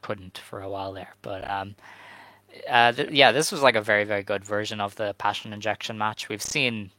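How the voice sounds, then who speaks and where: A man hosting a casual podcast from a home mic, rambling through recaps with lots of fillers. His mid-pitched voice is bright, and the recording is dry and close. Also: steady tone, normal speed, no echo, rough recording. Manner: chatty, filler-heavy recapping. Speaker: podcast host. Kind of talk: casual chat.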